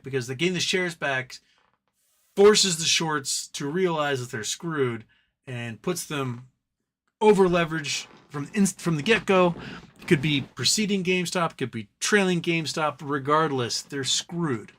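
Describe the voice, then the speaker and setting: A man's voice: on the high side, sharp tone. A man hosting a casual live stream, ranting animatedly and mocking other people's voices as he quotes them.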